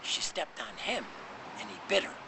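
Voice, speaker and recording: A man's voice: high voice, big pitch swings, normal speed, gravelly. A man telling a poetic story in a dramatic, swooping, word-playing way, recorded with noise behind.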